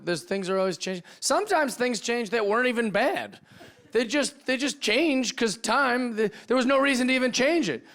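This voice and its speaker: A Seattle man performs stand-up on stage with a handheld mic, his very high, slightly bright voice ranting energetically. He restarts lines and keeps tossing in "right?", with audience laughter in the background.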